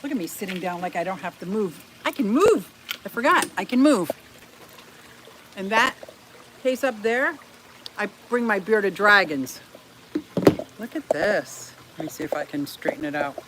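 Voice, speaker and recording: A woman's voice: mid-range voice, animated, normal speed, background noise. A woman hosting a casual home tour vlog about her fish and pets, chatty and giggly, talking to her animals and viewers while walking around a house and yard. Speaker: fish keeping channel host.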